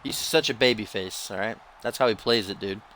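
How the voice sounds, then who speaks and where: A man giving casual, excitable play-by-play commentary over a wrestling video game, using slang the way a wrestling announcer would. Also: fairly low pitch, a little fast, a little hiss or hum. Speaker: gameplay commentator.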